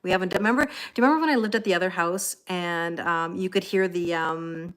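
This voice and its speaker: A woman's voice: lowish voice, fairly quick, hardly any pauses, fairly bright tone. A woman hosting a livestream, chatting casually with viewers and thanking them by name. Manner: talks to her cats between comments. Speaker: tarot reader hosting a livestream. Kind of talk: casual chat with live viewers.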